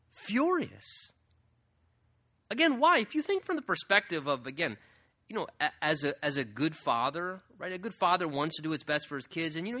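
A man preaching an expository sermon in a conversational way, often asking the audience questions and rising sharply for emphasis. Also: a little high. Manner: animated, rises sharply for emphasis. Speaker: pastor.

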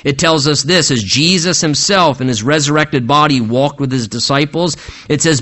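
Man, pastor, sermon, bright tone, slightly high voice, earnest, slows for emphasis. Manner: earnest expository preaching, slowing for emphasis on key phrases.

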